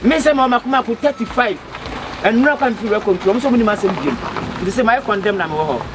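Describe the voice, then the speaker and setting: A Ghanaian man with a Twi accent plays a fake motor rider in a comedy skit, pleading and stammering through many repetitions. His voice is high-pitched, expressive, and fast, with background noise behind it.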